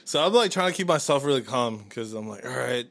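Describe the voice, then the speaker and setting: Swearing, animated man telling a story. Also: mid-range voice, quick pace, no echo. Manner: animated storytelling, acts out his own quotes, swears freely. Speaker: storyteller in a casual podcast chat. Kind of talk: casual chat.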